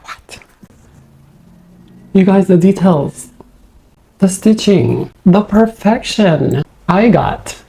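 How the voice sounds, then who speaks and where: A woman's voice: mid-range voice, expressive, drawn-out words, gravelly, long pauses, warm tone. Awestruck woman gushing through an unboxing. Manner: gushing, awestruck, at a loss for words. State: shaky with excitement. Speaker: unboxing vlogger. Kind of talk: excited unboxing vlog.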